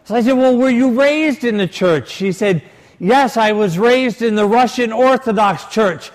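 High-voiced priest preaching in a reverberant hall. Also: male voice, measured pace. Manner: storytelling with quoted dialogue, varied emphasis. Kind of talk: sermon. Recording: long reverb of a large hall.

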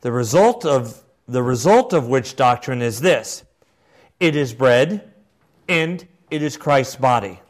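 A man reads in the part of a solemn elderly Victorian bishop with a put-on English accent. The voice rises well above his usual pitch and the pace slows, so each phrase sounds grave and declaimed. The tone stays steady and formal. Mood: solemn declaiming. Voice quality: slow, raised, declaiming reading voice.

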